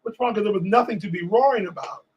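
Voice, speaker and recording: A man from Washington, D.C., a guest on a talk show, telling lively stories and acting out what people said. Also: sits high, fast talker, slightly rough, highs cut off. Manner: animated storyteller acting out quotes. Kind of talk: storytelling in a casual interview.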